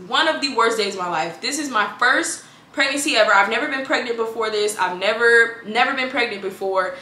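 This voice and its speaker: A young woman tells her own story straight to camera. She talks in a chatty, animated way and acts out what her family said. Her voice sits a little high and sounds bright and forceful, with a roomy echo around it. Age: 20s. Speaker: vlogger. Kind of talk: casual storytelling vlog.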